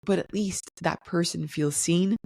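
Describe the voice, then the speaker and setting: A woman hosting a solo podcast, explaining things in a calm, teaching tone. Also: on the low side, a little slow, vocal fry, no room sound, clean studio sound. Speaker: podcast host.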